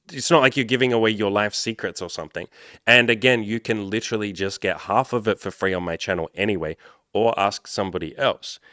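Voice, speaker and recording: A man in his thirties, a life coach, giving a blunt, animated motivational talk. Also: on the low side, no room sound, studio quality. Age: 30s. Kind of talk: motivational vlog monologue.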